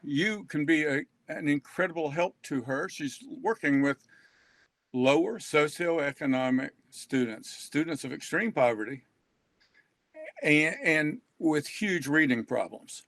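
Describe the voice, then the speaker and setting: This older man co-hosts a casual webinar about reading and is the author of a reading program. His voice is fairly high, a bit bright and unhurried, and he jokes in a folksy way, laughing often.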